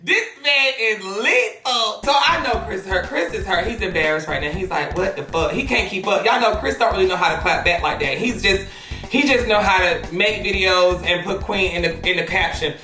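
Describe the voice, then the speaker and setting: A woman hosting a gossip commentary show, talking loudly and teasingly and laughing often. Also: mid-range voice, moderate pace, reverberant. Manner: loud, laughing, animated and teasing.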